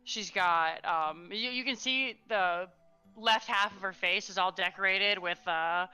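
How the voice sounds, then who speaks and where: A woman's voice: mid-range voice, pushed and bright, clear, resonant tone, lo-fi sound, faint music behind. Hesitant young woman game master. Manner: halting, hesitant, many fillers. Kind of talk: narrating a tabletop game.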